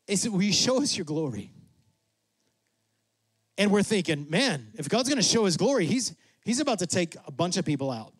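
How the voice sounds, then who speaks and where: A man preaching a sermon in a lively way, acting out God and Moses in quick asides. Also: slightly rough, dry recording. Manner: drops to a soft, low voice for emphasis. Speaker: pastor.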